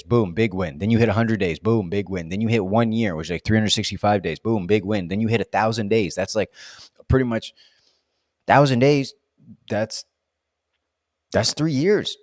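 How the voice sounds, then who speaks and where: A man's voice: medium pitch, a little mellow, dry recording, clean studio sound. A man in a casual solo vlog, rambling through reflective questions and talking to himself in a playful, self-deprecating way while standing up to film. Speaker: vlogger answering reflective questions. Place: indoors, standing while filming.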